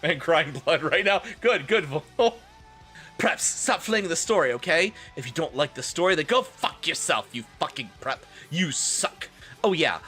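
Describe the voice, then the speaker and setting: A man's voice: on the high side, lively intonation, normal speed, sharp tone. A man streaming a comedic dramatic reading, with sarcastic, swearing, laughing asides. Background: faint rock music.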